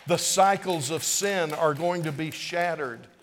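A middle-aged pastor preaches a sermon in a church sanctuary, his male voice pitched on the high side and a little slow, with a faint hiss or hum. He sounds earnest and pleading, repeating phrases to press his point. A long hall reverb fills the recording.

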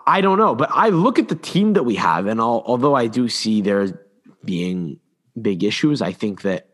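A man co-hosting a football podcast in casual chat, opinionated and rambling, often repeating words and restarting his sentences. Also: lowish voice. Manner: opinionated, animated. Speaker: podcast co-host.

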